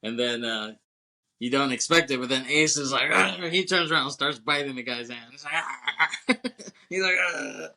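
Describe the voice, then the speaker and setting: Bright-voiced laughing podcast man. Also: medium pitch, fairly quick. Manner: laughs often, swears, acts out movie scenes. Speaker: podcast co-host. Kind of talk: casual movie podcast chat.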